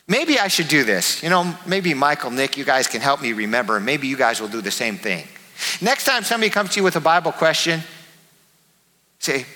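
A man preaching a sermon as pastor, emphatic, repeating his key words and swinging between soft and loud. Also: a little high, sing-song, moderate pace, long reverb tail, low-quality recording.

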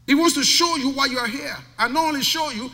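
A man's voice: very high-pitched, fast talker, pushed and bright. A male pastor preaching a sermon, emphatic and full of rhetorical questions. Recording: long reverb of a large hall.

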